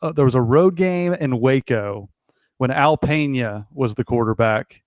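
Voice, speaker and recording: A man, hosting a casual sports podcast over a remote call in a relaxed, conversational way. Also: mid-range voice, a little slow, no room sound. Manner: conversational, relaxed with occasional fillers. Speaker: podcast host.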